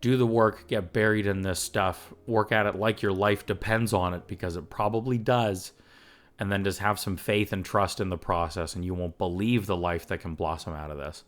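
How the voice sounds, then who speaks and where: A man's voice: deep voice, fairly even intonation, moderate pace. A man hosting a solo recovery podcast, talking earnestly and with emotion in an upbeat, chatty way, with laughs and fillers. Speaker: recovery coach and podcast host.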